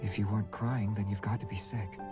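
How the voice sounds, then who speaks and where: Man voicing a deep, monotone young prince. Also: fairly quick, music in the background, close to an everyday voice. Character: aloof young prince, teasing and jealous.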